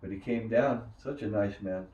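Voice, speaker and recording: An older man recalling his days as a minor league pitcher, telling stories and acting out the voices of others. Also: normal speed, lo-fi sound. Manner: animated storyteller who acts out quoted voices. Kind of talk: storytelling interview. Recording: echoey room, distant mic.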